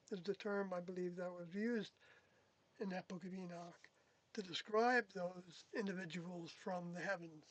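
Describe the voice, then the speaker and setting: Halting, rambling speaker with a dry sound. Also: mid-range voice, no room sound, poor audio. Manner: halting, rambling, with many pauses and self-corrections. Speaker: former group member recounting experiences. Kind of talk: unscripted reflective monologue.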